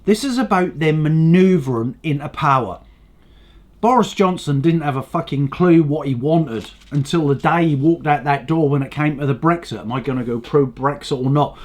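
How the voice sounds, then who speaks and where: A man giving casual, ranting commentary as host of his own channel, swearing constantly and swinging between loud outbursts and low mutters. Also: moderate pace. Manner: profane, blunt, ranting.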